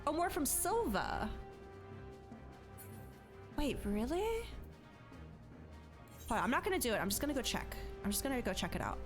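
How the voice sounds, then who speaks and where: A woman streamer chats casually with her viewers while playing, her voice a little high and emotional. She laughs often and sounds close to tears. Soft game music plays underneath. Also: big pitch swings, moderate pace, long pauses. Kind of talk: casual live-stream chat.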